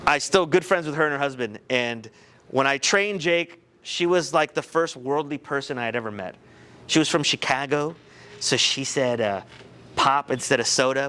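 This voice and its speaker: As a guest speaker, a man gives a motivational talk to high school students with a smooth voice. He tells a personal story in an animated, conversational way.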